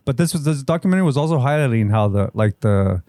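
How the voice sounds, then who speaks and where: A man's voice: medium pitch, animated, quick pace, mellow, dry recording, studio quality. A man telling a story on a podcast, loose and profane, full of slang. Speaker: podcast co-host. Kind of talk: casual podcast chat.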